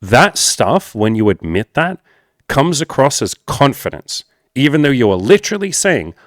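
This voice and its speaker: A man's voice: medium pitch, very animated, normal speed, dry recording, studio quality. A man talking casually to camera as a dating coach, candid and blunt, swearing freely and calling his viewers "guys".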